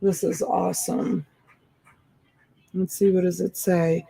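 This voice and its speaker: A woman's voice: lowish voice, little pitch movement, measured pace, creaky, mellow, breathy edge, poor audio. A woman hosting a live-stream sale, chatting casually and rambling as she comments, sleepy and yawning.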